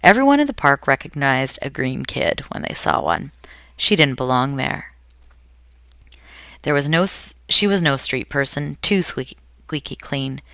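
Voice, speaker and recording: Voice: medium pitch, lively intonation, measured pace, gravelly, fairly bright tone, no echo, studio quality. A reader reading a novel aloud, with frequent slips and self-corrections. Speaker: audiobook reader.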